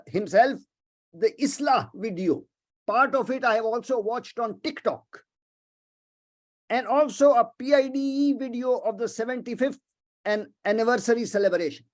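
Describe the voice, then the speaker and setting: Brief: older Pakistani-accented male academic, measured and formal with many pauses, lecturing over a video call. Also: high-pitched. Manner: measured and formal, with frequent hesitations. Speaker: guest speaker.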